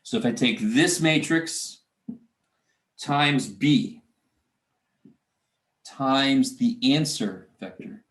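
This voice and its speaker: A man's voice: mid-range voice, very slow, long pauses, fairly bright tone, echoey room. A man teaching a math lecture, talking himself through the arithmetic and muttering curses under his breath. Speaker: math instructor. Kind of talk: recorded classroom lecture.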